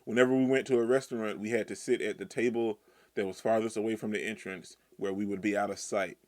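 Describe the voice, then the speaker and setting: A man reading the lines of a gentle old male Komodo dragon grandfather from a manga, quiet and even. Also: fairly low pitch, fast talker, close to an everyday voice. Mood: somber.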